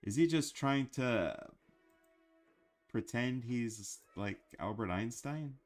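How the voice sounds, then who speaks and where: A man's voice: mid-range voice, lively intonation, slow, faint music behind. A man talking casually about cartoons in a rambling, chatty way with frequent fillers. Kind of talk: casual chat.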